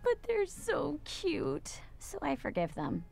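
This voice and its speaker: A woman's voice: sits high, wildly swooping pitch, takes it slowly, vocal fry, darkish tone, soft background music, full character voice. A woman voicing a bubbly, sweet teenage village girl in a video game, gushing and playfully teasing. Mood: cheerful. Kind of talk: game voice acting.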